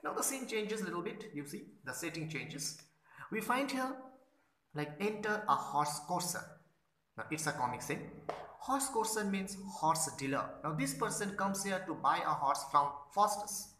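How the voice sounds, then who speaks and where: A man's voice: high-pitched, animated, moderate pace, sharp tone. A male literature lecturer explains a play line by line, reading quoted lines and then restating them in plain words. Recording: roomy echo.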